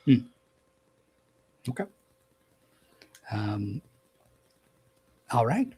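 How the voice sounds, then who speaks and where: A man's voice: mid-range voice, very animated, very slow, warm tone, a little hiss or hum, low-quality recording. A man narrating as game master in a casual tabletop session, with lots of fillers.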